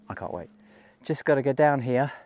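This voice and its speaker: A man's voice: medium pitch, lively intonation, normal speed, darkish tone. A man talking casually to the camera while hiking outdoors on a mountain trail, thinking aloud and joking at his own expense. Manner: chatty, thinking aloud, self-mocking. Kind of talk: casual walking vlog.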